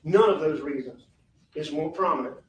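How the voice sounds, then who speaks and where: Man giving a halting courtroom statement. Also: a little high. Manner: slow, halting and repetitive, apologetic. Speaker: defendant addressing the court. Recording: echoey distant courtroom audio.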